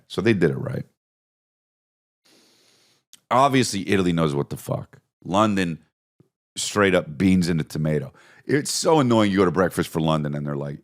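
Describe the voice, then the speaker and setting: Podcast host guy riffing crude jokes, kinda low, gravelly fry in his voice. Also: a little fast. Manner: crude, profane, animated riffing. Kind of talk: comedic storytelling monologue.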